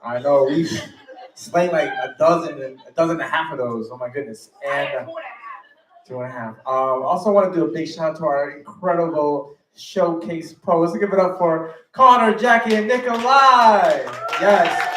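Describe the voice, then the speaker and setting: A man hosting a poetry open mic in a cafe, chatty and loose, giving slangy shout-outs to the crowd. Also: on the high side, background noise. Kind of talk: casual event hosting. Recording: echoey room, mic far off.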